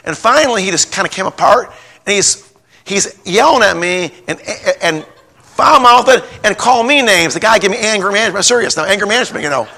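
A middle-aged man preaching a folksy sermon, telling a personal story in a rambling way, repeating words and rising to a shout when stirred. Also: high voice, lively intonation, brisk, gravelly. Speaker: pastor.

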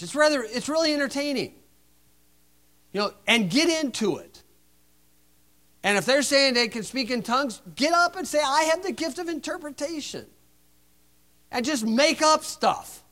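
A man preaching an informal sermon, telling anecdotes in a sarcastic, animated way. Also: high-pitched.

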